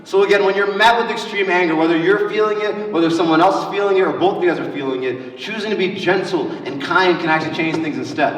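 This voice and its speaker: A man teaches a church lesson to a room of kids, bringing his stories to life by acting out each quote. His voice sits a little high for a man. The sound reaches the mic from a distance, with a long echo from a big hall. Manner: energetic, storytelling with acted-out quotes. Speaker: youth pastor. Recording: roomy hall heard from a distance.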